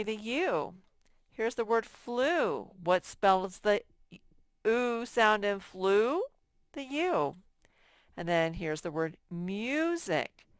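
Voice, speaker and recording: Slow, patient woman teaching phonics. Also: medium pitch, clear, resonant tone, dry recording, clean studio sound. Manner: slow, patient, drawn-out word by word. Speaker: first grade teacher. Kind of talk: recorded phonics lesson.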